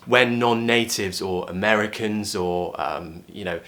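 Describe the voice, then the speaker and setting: A young man teaching pronunciation, explaining clearly and repeating sounds slowly for learners. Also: on the low side, steady tone, a bit bright. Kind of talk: online pronunciation lesson.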